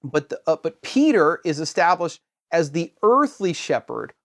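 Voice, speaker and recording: A man giving a scripture lesson in a steady explanatory way, posing rhetorical questions and pausing for emphasis. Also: fairly high pitch. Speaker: Bible teacher.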